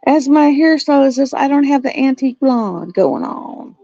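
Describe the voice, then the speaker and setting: A middle-aged woman, hosting a livestream and telling stories in a casual, animated way. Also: high-pitched, moderate pace, no echo. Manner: animated storytelling with laughs. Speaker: livestream host. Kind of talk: casual chat. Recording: dull lo-fi dry sound.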